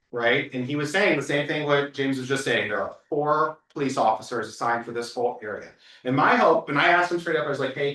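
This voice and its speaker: A meeting organizer with a mid-range, fairly bright voice leads a community meeting, speaking bluntly, earnestly and emphatically. He's recorded from a distance in an echoey room.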